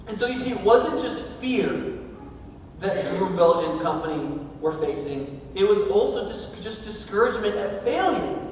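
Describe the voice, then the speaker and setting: A man's voice: high voice, slight background noise. A man preaching a sermon as pastor of a church, in a casual, joking, conversational way. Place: church sanctuary. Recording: echoey hall from far off.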